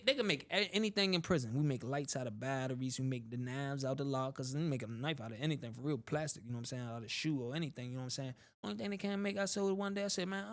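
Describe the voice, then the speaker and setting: A man tells his stories as an interview guest, his speech thick with street slang and loose repetition. His voice sits a little higher than most men's, and he keeps things animated, swinging up and down as the story runs. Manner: street slang, animated, often repeats "bro" and "you know what I'm saying". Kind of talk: casual storytelling.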